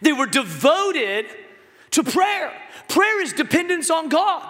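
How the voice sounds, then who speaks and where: Man, pastor, very high voice, bright tone, lively joking sermon, shouts for emphasis, long hall echo. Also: slow. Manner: animated, joking preacher who shouts key lines.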